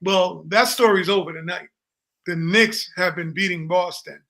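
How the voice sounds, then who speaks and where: A man co-hosting a casual sports podcast, talking in an animated, jokey way, with boastful trash talk. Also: sits high, normal speed. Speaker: podcast co-host. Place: home studio on a live stream.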